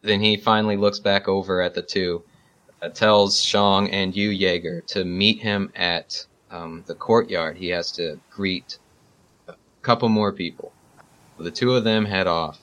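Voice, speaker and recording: A man narrating a tabletop role-playing game as game master, talking in a relaxed, halting way with many fillers. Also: low-pitched.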